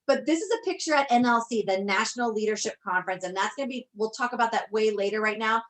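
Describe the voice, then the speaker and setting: A woman's voice: on the high side, fast talker, a bit bright. A woman business coach talking on a motivational team call, effusive and gushing, often repeating herself.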